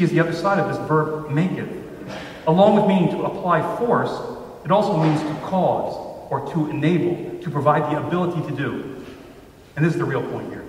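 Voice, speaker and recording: A male pastor delivers a measured sermon in a big church sanctuary, leaning on slow, deliberate pauses whenever he quotes scripture. His voice sits a bit high and reaches the mic from a distance, with a long reverberant tail off the room and faint ambient noise underneath. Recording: roomy church hall from far off.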